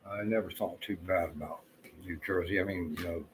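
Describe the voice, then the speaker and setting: A man's voice: low voice, fairly even intonation, a little fast, slight background noise, rough recording. A man in his fifties with a Southern US accent, telling rambling, profane stories with lots of fillers. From Florida. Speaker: vlogger. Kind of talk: casual rambling storytelling.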